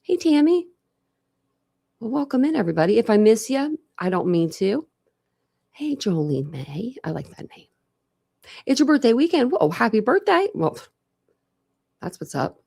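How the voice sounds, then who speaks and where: Her voice sits fairly high and sounds warm, husky, and gravelly, moving in a sing-song way at a moderate pace with frequent pauses. She's a young woman from Ohio running a true crime livestream, speaking around her retainer. The chat is casual and rambling, full of "like," as she says hello to viewers.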